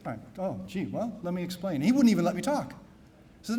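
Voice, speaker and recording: A man, a priest, giving a keynote talk at a conference, telling stories softly and then preaching loud and emphatic. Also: sits high, expressive, fast. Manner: storytelling, shifting from soft confiding to loud emphatic preaching. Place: conference hall.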